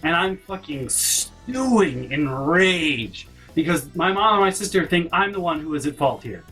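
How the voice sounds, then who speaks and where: A man telling a personal story in an animated, profane storytime rant, talking to his camera in his bedroom and shouting at the peaks. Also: fairly high pitch, unhurried, breathy edge, faint music behind. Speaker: storytime vlogger. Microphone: handheld camera in his room.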